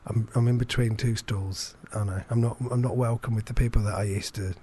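A man's voice: on the low side, steady tone, warm tone, a little hiss or hum. Rambling, self-deprecating man telling a story. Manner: self-deprecating, halting with many fillers and restarts. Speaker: podcast guest storyteller. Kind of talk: casual chat, rambling anecdote.

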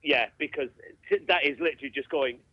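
A man's voice: on the high side, fast, dry recording, lo-fi sound. A man, a comedian guest on a radio show, talking in a plain, matter-of-fact and slightly hesitant way. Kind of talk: casual radio chat.

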